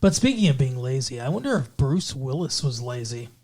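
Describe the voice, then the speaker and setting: A man's voice: medium pitch, very animated, fairly quick, darkish tone. A man co-hosting a comedic podcast, playfully reading old entertainment news aloud and chatting with his fiancée. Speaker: podcast co-host. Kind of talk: comedic podcast chat in 1998 character.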